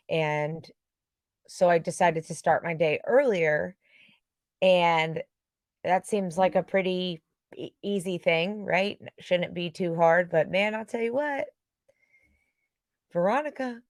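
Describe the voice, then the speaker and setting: A woman's voice: lowish voice, no room sound, studio quality. A young woman co-hosting a podcast in casual chat, conversational and self-mocking. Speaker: podcast co-host.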